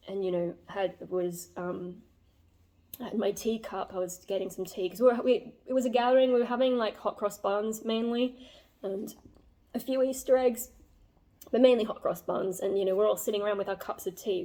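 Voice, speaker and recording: Young woman, mellow warm tone, casual rambling vlog story, lots of ums and likes. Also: medium pitch. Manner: rambling, frequent fillers, earnest and self-reflective. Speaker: vlogger.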